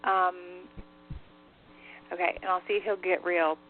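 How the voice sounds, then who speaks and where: A woman's voice: lowish voice, level tone, measured pace. A woman working as a medium on a call-in radio show, relaying spirit messages in a chatty way, laughing easily and saying "like" often. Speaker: psychic medium. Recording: tinny phone line with faint hiss.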